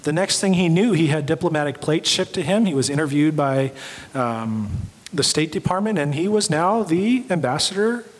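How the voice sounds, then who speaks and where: A man's voice: on the high side, lively intonation, moderate pace. A young adult man giving a sermon as a pastor, telling stories and acting out the quoted voices. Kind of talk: sermon storytelling. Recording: long hall reverb.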